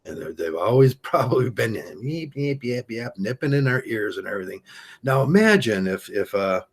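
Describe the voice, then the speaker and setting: A man talking through a rambling opinion monologue to camera, halting with many restarts. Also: mid-range voice, animated, gravelly, breathy edge. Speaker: vlogger.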